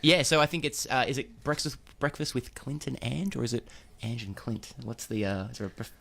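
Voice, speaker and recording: A man's voice: medium pitch, brisk, creaky, a bit bright. A man, a film director losing his voice, speaking hesitantly with many ums as a guest in a radio studio. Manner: hesitant, lots of ums and restarts. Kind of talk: casual radio interview guest. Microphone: studio microphone.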